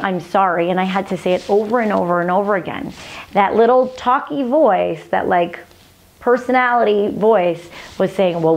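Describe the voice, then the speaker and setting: A woman teaching a healing practice to camera, speaking earnestly and gently, slowing and softening her voice whenever she repeats the mantras. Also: medium pitch.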